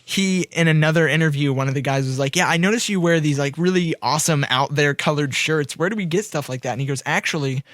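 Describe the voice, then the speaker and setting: A man's voice: fairly high pitch, fast, hardly any pauses, no echo, studio quality. A man co-hosting a casual podcast chat, eagerly retelling his experiences and laughing often. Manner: laughs often, excited recounting. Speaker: podcast co-host.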